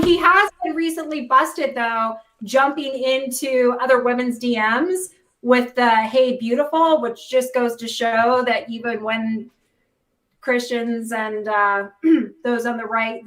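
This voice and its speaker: A woman hosting a live news talk stream in a loose, sarcastic, filler-heavy way. Her voice is a little high. She sits off the mic in a roomy, echoing space. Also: steady tone, takes it slowly, a bit bright, distant mic. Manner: chatty, sarcastic, many fillers. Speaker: host. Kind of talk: casual news commentary. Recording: echoey room, off mic.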